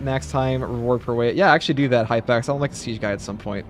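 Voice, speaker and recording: A man's voice: mid-range voice, fast talker. A man talks loosely over his gameplay, wandering from joke to joke with plenty of filler. A faint background hum sits under his voice. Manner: rambling, jokey, chatty with filler words. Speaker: streamer. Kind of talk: casual live-stream chat over gameplay.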